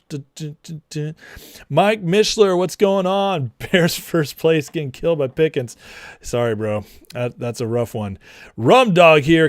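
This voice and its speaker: A man's voice: on the high side, dry recording, studio quality. A man hosting a casual political livestream, mocking and laughing often as he greets his chat by name. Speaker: livestream host.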